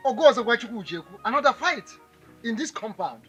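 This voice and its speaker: A man's voice: extremely high pitch, expressive, fast talker, fairly bright tone, dull audio, faint music behind. An actor with a Nigerian accent playing an exasperated uncle who stammers while scolding his nephew in a film. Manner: stammering scolding, speaks in proverbs. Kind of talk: Nollywood film acting.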